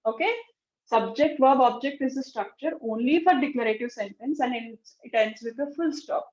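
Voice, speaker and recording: A high-pitched woman teaches grammar to a class, repeating key terms and acting out sample sentences. Her voice rings in an echoey room on a dull, muffled recording. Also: normal speed, a little mellow. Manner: explanatory, repeats key words, acts out example sentences. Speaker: English teacher.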